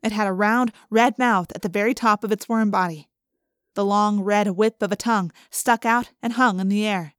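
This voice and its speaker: A woman narrating an audiobook in the first person, vivid and expressive. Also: mid-range voice, moderate pace, smooth, no echo, clean studio sound.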